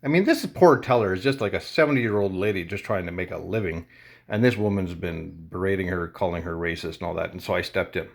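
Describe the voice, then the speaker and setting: A man vlogger casually recounting a confrontation in an animated, indignant way. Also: sits low, a little fast, gravelly. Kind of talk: casual storytelling to camera.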